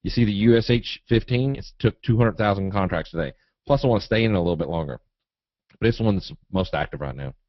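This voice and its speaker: A man's voice: lowish voice, lively intonation, fast talker, dry recording. A man from Eastern Kentucky with a Southern accent, teaching a live trading webinar in a folksy, joking way, reading out viewer questions and answering them. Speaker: trading educator. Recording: dry, muffled webinar audio.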